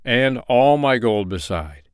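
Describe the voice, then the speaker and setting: A man reading the part of a mighty, gold-loving bear lord who speaks out loudly in gratitude. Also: mid-range voice, lively intonation, slow, clear, resonant tone, no echo, studio quality. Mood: grateful.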